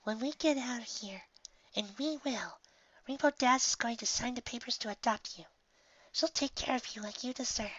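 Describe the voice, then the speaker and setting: A woman voicing a gentle, motherly female pegasus pony, speaking in a soft, breathy near-whisper, in a slightly muffled lo-fi recording. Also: a little high, normal speed, pitched above the performer's own voice. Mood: tender, tearful.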